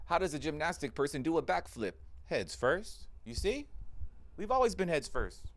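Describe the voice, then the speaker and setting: A man's voice: a little high, moderate pace. A man doing a stand-up comedy routine, telling profane stories and acting out the people in them. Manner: profane, animated storytelling with voiced characters.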